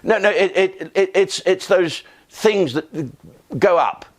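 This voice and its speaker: A man's voice: high-pitched, slow, voice pushed up. A man putting on a stammering, sheepish customer. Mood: flustered. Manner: stammering, hesitant, embarrassed. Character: sheepish stammering grown man buying for his wife.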